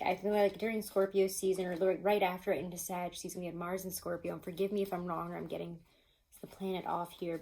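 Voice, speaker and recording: A woman's voice: on the low side, a little mellow, slight background noise, poor audio. A woman doing a casual tarot reading to camera, chatty and rambling, often breaking into laughter. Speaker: tarot reader.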